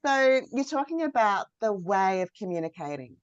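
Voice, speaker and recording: A woman's voice: medium pitch, sing-song, moderate pace, no room sound, highs cut off. A woman hosting a podcast, chatting in an upbeat, enthusiastic way. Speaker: podcast host. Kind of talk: casual podcast conversation.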